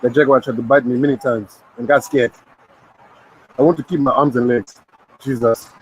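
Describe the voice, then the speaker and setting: A man chatting casually with viewers while he eats, relaxed and joking. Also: mid-range voice, fairly quick, slight background noise, low-quality recording. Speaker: vlogger. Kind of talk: casual live-stream chat while eating.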